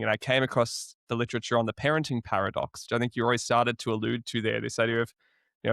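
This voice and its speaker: A man's voice: mid-range voice, a bit bright, no echo, studio quality. A young man hosting a podcast interview, asking earnest, reflective questions. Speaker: podcast host.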